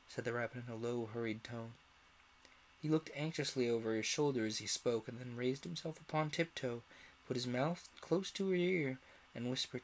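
A man reading a classic children's story aloud in an expressive way, with the odd slip. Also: medium pitch, moderate pace, slight background noise. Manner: expressive, animated read-aloud with small slips. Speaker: storyteller, streamer.

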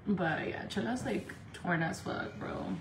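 A woman from Indio, California, chatting casually on a makeup livestream from home, talking fast and loose, swearing freely and saying "like" a lot. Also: fairly low pitch, huge pitch swings, vocal fry, recorded from a distance. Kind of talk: casual live-stream chat. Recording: echoey room with faint background noise.

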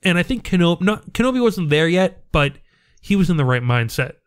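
A man's voice: high voice, sing-song, a little fast, clear, resonant tone. A man co-hosting a podcast in casual fan chat, chatty and often repeating words as he thinks. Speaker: podcast co-host.

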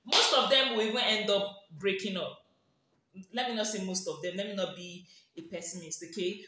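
A woman's voice: medium pitch, moderate pace, bright, forceful tone. A woman with a Nigerian accent giving playful, sarcastic lifestyle advice in a vlog, teasing and often laughing. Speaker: lifestyle vlogger. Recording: very echoey room.

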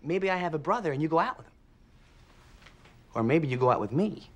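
A man's voice: a little high, lively intonation, brisk, a bit bright. An actor playing a goofy, wisecracking young man in a TV drama. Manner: jokey, wisecracking.

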